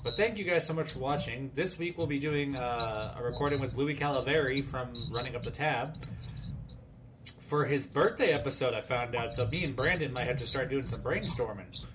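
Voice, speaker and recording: A man's voice: medium pitch, moderate pace, noisy background. Tipsy man hosting a podcast. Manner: loose, swears freely, laughs between lines. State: tipsy from drinking. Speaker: podcast host. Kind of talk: casual chat.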